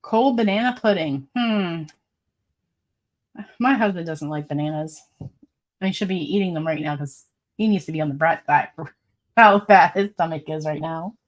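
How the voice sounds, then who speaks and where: A woman's voice: low-pitched, normal speed, pauses often. A woman hosting a casual live stream, reading viewer comments aloud in a chatty, rambling way and laughing often. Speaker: livestream host.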